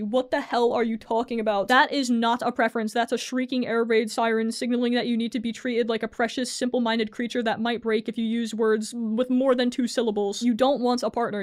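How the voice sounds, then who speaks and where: A woman reads her scripted commentary with biting sarcasm and mock exasperation. Her voice sits a little high and her lines come out sharp and deliberate. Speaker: commentary video creator.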